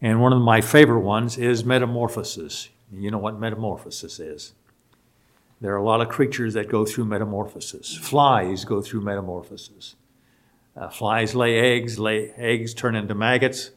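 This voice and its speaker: A man teaching a Bible study lecture, spelling out Greek words letter by letter and stressing key phrases before trailing off quietly. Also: on the low side, fairly even intonation, normal speed.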